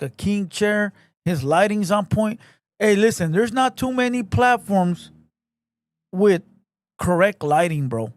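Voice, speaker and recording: A man hosts a casual livestream podcast in rough, profane street slang, hyping up his crew with shout-outs. His voice sits high for a man. The sound is close and dry, with no room around it. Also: dry recording. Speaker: podcast host.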